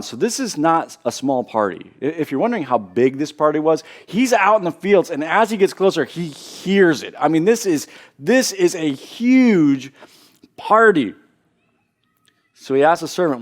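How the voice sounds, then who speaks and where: A man preaching a sermon as pastor, earnest, often repeating and restarting phrases as he builds to loud emphasis. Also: on the high side, expressive, moderate pace.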